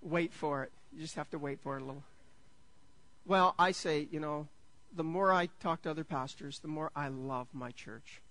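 High-voiced, jokey pastor preaching. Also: male voice, normal speed, dry recording, poor audio. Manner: jokey, enthusiastic preaching that builds to excited peaks; self-deprecating, with stammered restarts. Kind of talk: sermon.

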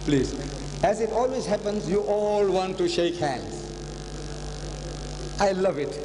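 A man's voice: high voice, slow pace, noisy background. Older man lecturing in an echoing hall. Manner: dramatic, repeats phrases for emphasis. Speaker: public lecturer. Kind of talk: lecture storytelling to a live audience.

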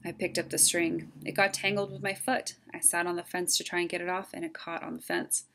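A woman's voice: on the low side, level tone, brisk, gravelly, a bit bright, a little hiss or hum. A woman voicing a young, frightened male crow in a storybook reading, sounding anxious and a little sheepish.

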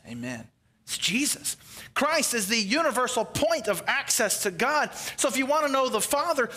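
A male pastor preaching a sermon, animated, acting out the Bible's dialogue and now and then dropping to a near-whisper. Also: sits high.

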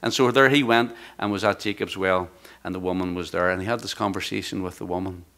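A man, the church's pastor, preaching a sermon, rising loud when he reads scripture and dropping to quiet, hushed words. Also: deep voice, fairly even intonation, fast talker. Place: church sanctuary.

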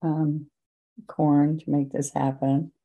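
A woman teaching a painting lesson, giving gentle, chatty step-by-step guidance as she works. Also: sits low, level tone, slow pace, narrow, tinny audio. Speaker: painting instructor. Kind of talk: relaxed painting demonstration.

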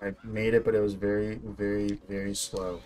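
A man's voice: on the low side, little pitch movement, normal speed, darkish tone. A young man chatting casually while racing in a video game, laid-back but laughing a lot and shrieking when surprised. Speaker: gamer.

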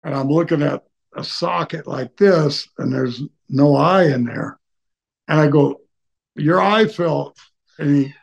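An older man, a retired wrestler, telling rambling stories in a casual interview and breaking into loud whoops. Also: a little high, vocal fry. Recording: dull lo-fi audio.

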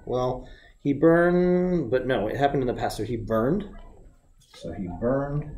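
A man's voice: medium pitch, dark tone. Patient man explaining English grammar. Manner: patient, stops to correct his own slips. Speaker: English teacher. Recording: echoey room with faint background noise.

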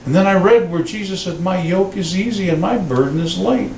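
Pastor guy preaching, kinda high voice, echoey church room with a little hiss. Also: fairly quick, creaky, few pauses, distant mic. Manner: animated storytelling, voices quotes in a raised pitch. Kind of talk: sermon. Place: church sanctuary.

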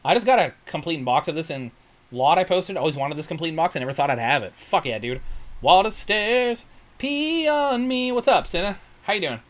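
A man's voice: on the high side, expressive, quick pace. A man streaming a retro video game, chatting casually with a profane, joking, laid-back manner while greeting viewers. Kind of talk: casual gameplay chat, reading viewer messages. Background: retro game music.

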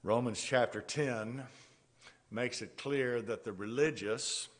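A man preaching a sermon with a halting delivery, repeating words as he goes and laughing softly between points. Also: medium pitch. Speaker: pastor. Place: church sanctuary. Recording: long church-hall reverb.

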